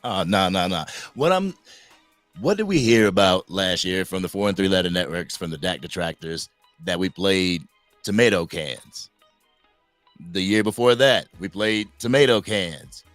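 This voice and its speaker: A man's voice: low voice, animated, normal speed, a bit bright, no echo, faint music behind. A man co-hosting casual sports talk, arguing his case in a punchy way. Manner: argumentative, punchy. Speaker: sports podcast co-host.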